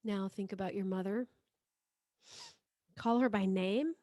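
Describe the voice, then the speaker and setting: Leading a guided prayer, the spiritual healing teacher speaks in a soft, slow, medium-pitched voice. She repeats lines for listeners to echo, and the dry recording has a clean studio sound.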